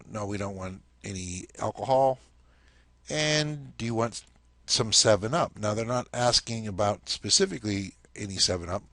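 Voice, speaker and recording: Male teacher, low-ish voice, patient step-by-step explainer, dry close sound. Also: fairly bright tone, no room sound. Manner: explains step by step, often checks in with "okay?". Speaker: language teacher. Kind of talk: casual spoken lesson.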